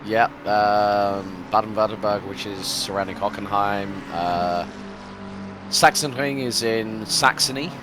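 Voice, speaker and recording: A man's voice: fairly low pitch, slow, background noise. A man from the UK commentating a live sim race, chatty and rambling with lots of fillers. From United Kingdom.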